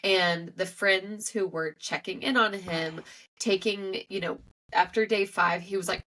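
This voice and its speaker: A woman's voice: medium pitch, steady tone, measured pace, bright, forceful tone. A woman in her thirties, a guest author in casual podcast chat, telling stories with lots of fillers. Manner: chatty, filler-heavy storytelling.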